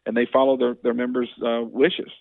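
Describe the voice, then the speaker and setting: A man in his forties talks fast and earnestly as a guest, often stumbling over his own restarts. His voice has a gravelly, fry-heavy edge. It comes through a tinny, phone-like line with a dry sound. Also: mid-range voice, level tone, no echo. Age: 40s. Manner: earnest, rapid talker with frequent restarts. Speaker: state legislator, guest. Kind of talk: casual interview, storytelling.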